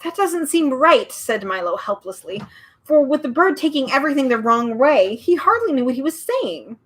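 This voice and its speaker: A woman's voice: high voice, big pitch swings, moderate pace, fairly bright tone, low-quality recording. A woman reading a children's book aloud at home, with chatty, bubbly asides. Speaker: storyteller.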